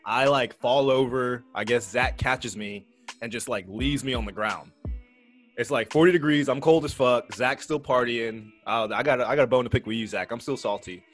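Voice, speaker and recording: A man's voice: medium pitch, normal speed, soft background music. Young man telling a wild party story. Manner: animated, profane, laughing through a party story. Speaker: podcast co-host. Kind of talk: casual storytelling.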